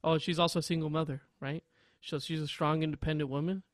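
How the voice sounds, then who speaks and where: A young man co-hosting a podcast, rambling and laughing loudly at his own stories. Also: on the high side, flat delivery, fast, dry recording. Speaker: podcast co-host. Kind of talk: casual podcast chat.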